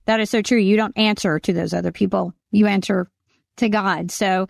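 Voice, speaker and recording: A woman's voice: mid-range voice, steady tone, normal speed, vocal fry, no echo, clean studio sound. Earnest middle-aged woman podcast host. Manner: earnest, affirming, frequent mm-hmms. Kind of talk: casual Christian podcast interview.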